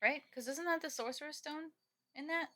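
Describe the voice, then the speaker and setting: A woman's voice: sits high, normal speed, bright, forceful tone. Giggly, chatty young woman streamer. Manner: giggly, chatty, reads chat aloud. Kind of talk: casual live-stream chat.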